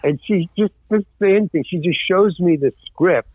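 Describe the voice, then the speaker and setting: An older male actor tells a story as a podcast guest, acting out everyone's lines in it. His voice runs a touch higher than most men's. It comes through a dry, tinny line that sounds like a phone. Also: normal speed, no echo. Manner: animated storyteller who acts out other people's lines. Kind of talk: anecdote in a podcast interview.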